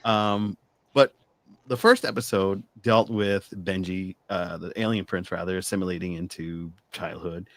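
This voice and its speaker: A man's voice: low voice, measured pace, dry recording. Laughing man co-host, dry sound. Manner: laughs often, animated storytelling. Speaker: podcast co-host. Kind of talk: casual chat.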